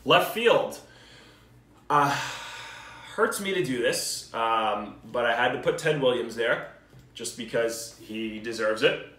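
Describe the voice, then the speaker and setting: A man's voice: medium pitch, animated, takes it slowly, pushed and bright. A man, joking and cursing as he talks through his picks in a casual video response. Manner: joking, swearing, enthusiastic banter. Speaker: vlogger. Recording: roomy echo, mic at a distance.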